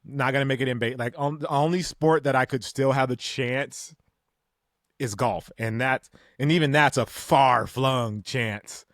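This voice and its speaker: A man's voice: medium pitch, unhurried, fairly bright tone, no room sound. Middle-aged guy on a podcast, easygoing and self-mocking, dry close mic. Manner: joking, self-deprecating. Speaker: podcast co-host. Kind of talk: casual chat.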